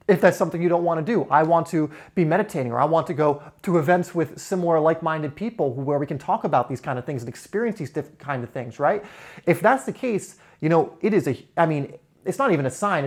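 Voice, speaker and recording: A man's voice: on the high side, a little mellow. A man speaking straight to camera in a motivational self-help talk, enthusiastic and conversational, with frequent "you know" fillers. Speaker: spiritual self-help creator.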